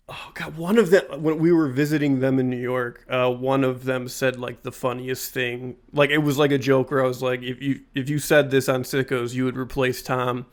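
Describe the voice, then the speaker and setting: A man's voice: medium pitch, little pitch movement, moderate pace. A man co-hosting a comedy podcast, chatting casually in a laid-back, rambling way with frequent chuckles. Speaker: podcast co-host.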